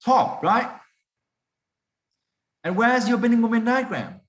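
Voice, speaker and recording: A man's voice: very high voice, big pitch swings, slow. A man lecturing a class, often stopping to put questions to the students and repeating key points for emphasis.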